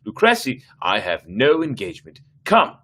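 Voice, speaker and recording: A man putting on a drunken, boastful wine connoisseur in a jester's motley, his voice jumping high into shrill, excited cries. He is loud and insistent, a storybook braggart. Heard in a dramatic story reading. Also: measured pace, slightly rough, exaggerated voice. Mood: eager.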